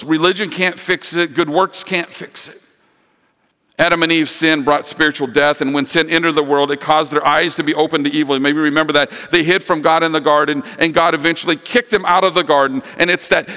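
Male pastor, earnest sermon delivery with repeated phrases, bright forceful tone, big reverberant church hall. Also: a little high. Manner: earnest preaching with emphatic repetition. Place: church sanctuary.

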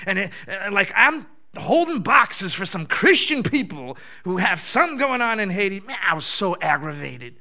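A man preaching as a messianic rabbi tells a story in a chatty, animated way and laughs often. His voice sits high and has a gravelly edge. The tone is sharp and very bright. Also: moderate pace, few pauses. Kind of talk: storytelling sermon.

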